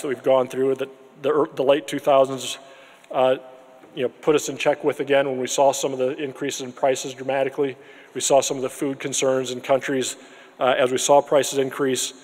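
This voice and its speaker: A man's voice: medium pitch, darkish tone. Man speaking in a reverberant hall. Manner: measured, earnest, with frequent restarts and fillers. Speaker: interim dean hosting a university celebration. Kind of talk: formal event remarks and speaker introduction. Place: large lecture room with an audience.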